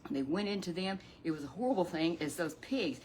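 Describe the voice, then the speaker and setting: Animated woman telling a Bible story. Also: on the low side, slight background noise. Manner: animated, rambling, with frequent restarts and drawn-out emphasis. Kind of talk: Bible story for children with a puppet.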